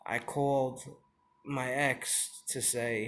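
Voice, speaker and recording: A young father telling a personal story in a confessional vlog, emotional and halting, with many pauses and fillers. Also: mid-range voice, level tone, fairly bright tone. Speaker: father sharing his injury story.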